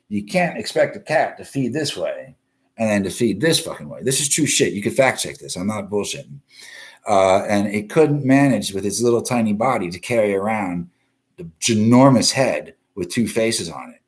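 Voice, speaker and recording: A man hosting a live-stream news show, ranting bluntly and profanely while greeting viewers from the comments. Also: on the low side. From East Coast of the US. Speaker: livestream news show host.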